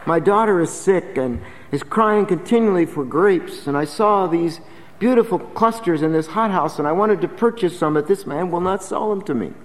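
A woman's voice: fairly low pitch, moderate pace, in a large hall, pitched above the performer's own voice, natural voice. A man playing a poor mother who pleads for her sick child, acted in a raised, urgent voice. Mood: pleading. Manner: pleading, breathless.

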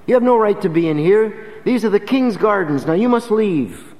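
A preacher acts out a gruff, curt male gardener in a sermon story, brusque and commanding. His voice rides a little high and rings in a long-echoing hall. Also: animated, moderate pace, a little mellow. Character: gruff male gardener guarding royal grounds.

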